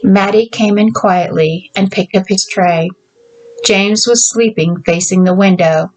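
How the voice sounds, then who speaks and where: Slow, deliberate woman story reader. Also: mid-range voice, a little mellow, soft background music, rough recording. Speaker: author reading her own story. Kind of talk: story reading.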